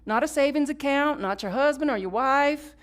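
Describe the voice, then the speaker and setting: A woman pastor preaching a sermon, swinging from loud emphatic lines to hushed whispers and leading call-and-response. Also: high-pitched, normal speed. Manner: leads the congregation in call-and-response; conversational, with laughs and asides.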